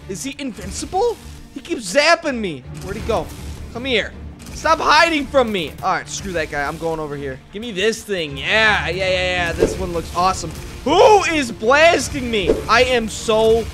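A young man giving excited gameplay commentary, jumpy and yelping and shouting in panic. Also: extremely high pitch. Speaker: gaming YouTuber. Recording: music playing behind the voice.

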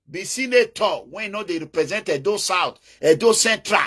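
A man's voice: high voice, normal speed, few pauses, a bit bright, breathy edge. A Nigerian man with an Edo accent, giving an emphatic casual political monologue, mixing in Pidgin and breaking into calls. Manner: emphatic, bursts into chanting and calls, mixes in Pidgin. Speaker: political commentator.

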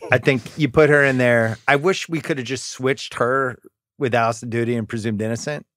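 A man's voice: medium pitch, fairly even intonation, a little fast, fairly bright tone, no echo, studio quality. A man hosting a casual movie podcast, riffing through a loose chat and reaching often for sports-trade analogies. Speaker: podcast host.

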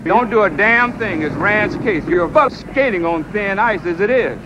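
A man's voice: high-pitched, expressive, normal speed, roomy sound, background noise. An actor playing an angry police inspector scolding his officer. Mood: furious. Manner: scolding, barking, swears constantly. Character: angry cursing male police boss. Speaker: police inspector, the hero's boss.

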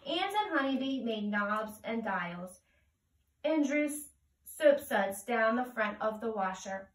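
A woman reading a picture book aloud to children in a gentle, sing-song way. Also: a little high, animated, slow pace. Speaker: children's storyteller. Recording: roomy, heard from a distance.

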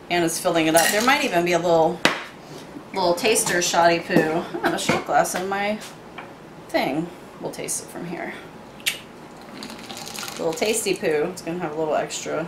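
A woman's voice: on the low side, normal speed, reverberant, background noise. A woman making cocktails in her home kitchen, chatty and playful with little asides. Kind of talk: casual kitchen demo chat.

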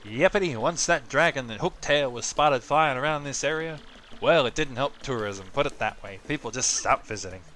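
A man's voice: medium pitch, normal speed, bright, forceful tone, a little hiss or hum, close to an everyday voice. A man doing a chatty turtle villager. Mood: welcoming. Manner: chatty, welcoming.

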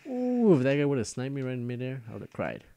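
A man's voice: medium pitch, huge pitch swings, a little fast, vocal fry, warm tone. A young man giving casual gameplay commentary as host of his own video series. He jokes, grumbles and trash-talks at other players.

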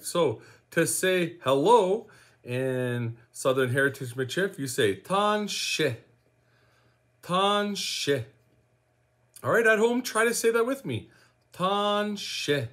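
A man from Saskatchewan, Canada, leads a language lesson, speaking slowly and encouragingly and repeating each word so learners can say it with him. His voice is on the high side, a bit bright and slightly rough.

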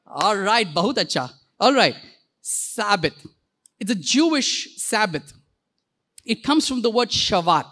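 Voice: medium pitch, big pitch swings, bright, forceful tone. A pastor delivers a sermon in a church. The voice moves up and down freely, with playful asides and frequent calls for the congregation to repeat words back. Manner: playful, quick asides and jokes.

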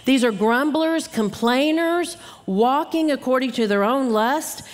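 A woman's voice: high-pitched, measured pace. A middle-aged woman giving an earnest Bible teaching talk at a conference, acting out grumbling asides as she goes. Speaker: conference speaker. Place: church hall. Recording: long hall reverb.

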